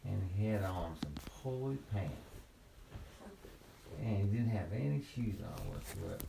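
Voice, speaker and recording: An older man telling a bedtime story in a gentle, unhurried way, indoors in a bedroom. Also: low-pitched, wildly swooping pitch, gravelly, background noise. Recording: roomy, mic at a distance.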